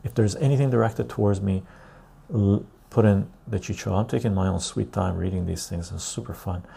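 A man's voice: fairly low pitch, brisk, gravelly, mellow, slightly rough. A man hosting a live stream, chatting loosely with viewers and reading their comments aloud. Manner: loose and chatty, reads the chat aloud, says "right?" often.

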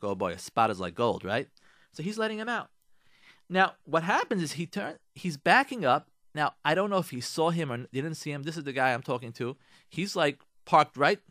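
A man's voice: on the high side, bright, forceful tone, dry recording, studio quality. A man, a rabbi, telling stories and giving moral advice on the radio, speaking straight to his listeners.

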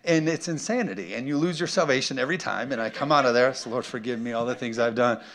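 A middle-aged man preaching in a church, his voice sitting in an ordinary middle pitch. He talks with energy and humor, drawing the congregation in with repeated calls for an amen. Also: fast. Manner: energetic preaching with call-and-response questions and humor. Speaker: pastor. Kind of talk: sermon.

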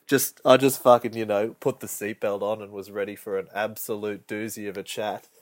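Laid-back bloke, crude banter. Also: male voice, lowish voice, flat delivery, moderate pace, dry recording. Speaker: podcast co-host. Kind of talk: casual banter.

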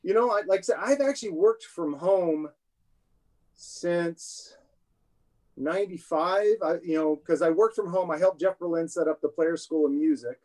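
A middle-aged man talking as a guest in a casual interview, relaxed and rambling with fillers. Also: on the high side, moderate pace.

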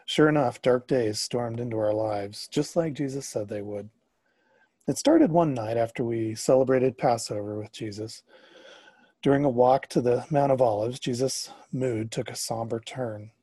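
A man narrating a story in the first person, expressive and sometimes rising to excited questions. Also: medium pitch, normal speed, slightly rough, dry recording.

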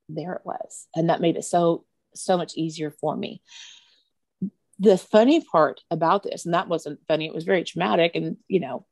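Middle-aged woman guest, earnest and emotional, halting storytelling, with a dark and gravelly voice. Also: on the low side, no room sound. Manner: earnest, emotional, pauses and restarts. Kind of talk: personal storytelling.

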